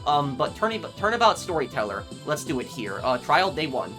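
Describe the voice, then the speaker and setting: A man's voice: a little high, big pitch swings, a little fast. A man hosting a video game playthrough, chatting casually to viewers with lots of fillers. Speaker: let's play host. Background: game music.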